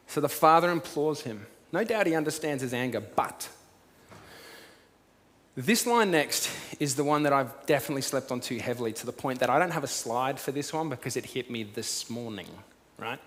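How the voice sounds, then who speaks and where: A pastor giving a sermon as casual storytelling, swinging from loud to hushed. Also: male voice, mid-range voice, expressive, normal speed. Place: church auditorium. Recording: long hall reverb.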